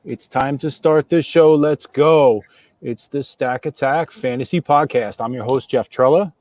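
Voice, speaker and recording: A man's voice: medium pitch, a little slow, a little mellow, no room sound. A man hosting a podcast in casual chat, upbeat, stammering and laughing often. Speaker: podcast host.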